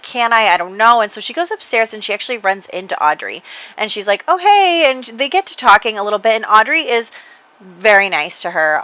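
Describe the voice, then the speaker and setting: A woman's voice: mid-range voice, pushed and bright, dry recording, lo-fi sound. A woman hosting a game channel, telling the story of her play session in a casual, chatty way with many fillers and light laughs.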